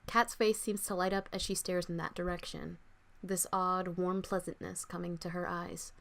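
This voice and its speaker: A woman's voice: fairly low pitch, moderate pace, creaky, few pauses. Young woman narrating her own story. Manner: expressive, dramatic first-person reading. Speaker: author reading her own fiction. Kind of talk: audiobook-style narration.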